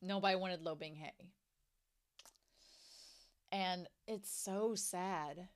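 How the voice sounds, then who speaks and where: A young woman casually discussing a novel she is reading, animated and jumping to excited high notes. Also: extremely slow, clean tone. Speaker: book reviewer.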